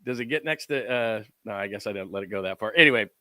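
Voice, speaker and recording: A man with a bright, forceful voice hosting a casual sports show, talking his audience through practice clips. He rambles, fumbles with his files, and slips into quick impressions of the coaches and players. The sound is dry and close. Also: fairly low pitch, no echo. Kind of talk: casual live-stream commentary over video clips.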